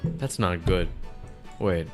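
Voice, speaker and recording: A man's voice: sits low, takes it slowly, over music. A man bantering dryly with friends during an online game session. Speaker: let's-player. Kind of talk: casual chat over a game.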